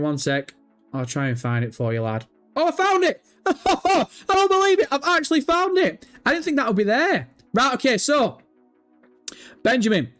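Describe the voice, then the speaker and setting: Male streamer, slightly high voice, sweary mocking banter with chat, faint music bed. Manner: sweary, jokey, animated and mocking. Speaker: gaming livestream host. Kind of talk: casual livestream chat reading viewer comments.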